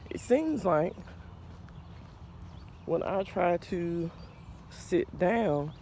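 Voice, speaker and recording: A man in his forties hosting a podcast, talking slowly and earnestly about faith and mental health, a little out of breath. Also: high-pitched, expressive, a little mellow, slight background noise. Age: 40s. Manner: slow, thoughtful, earnest, with pauses and restarts. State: slightly out of breath. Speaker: podcast host. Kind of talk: reflective faith-based mental health talk.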